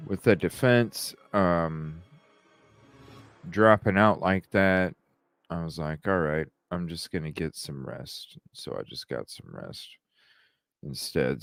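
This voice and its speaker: A man's voice: sits low, expressive, a little slow, creaky, dry recording. A man hosting a live podcast, chatting casually, laughing often and swearing as he rambles. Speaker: podcast host. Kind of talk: casual live-stream chat.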